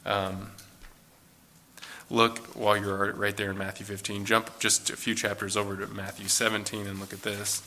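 A man's voice: fairly low pitch, flat delivery, normal speed, sharp tone, slight background noise. A man teaching a Bible study in a loose, conversational way, thinking aloud as he reads and explains passages.

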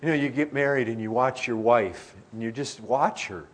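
A middle-aged man preaching a sermon in an earnest way, his voice swelling loud and then dropping to a hush. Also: mid-range voice, normal speed.

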